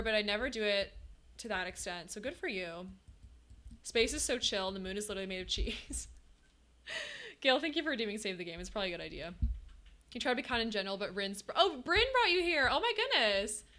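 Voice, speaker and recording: A young woman streaming live, chatting casually with her viewers, animated and laughing often. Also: mid-range voice.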